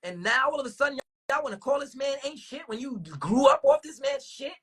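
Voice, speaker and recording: A woman with a husky voice, hosting a casual livestream and ranting in animated, profane talk full of rhetorical questions. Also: high voice, brisk. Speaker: livestream host.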